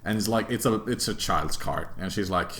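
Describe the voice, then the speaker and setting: A man's voice: low-pitched, moderate pace, fairly bright tone. A man hosting a casual, crude chat, rambling with fillers and laughing often.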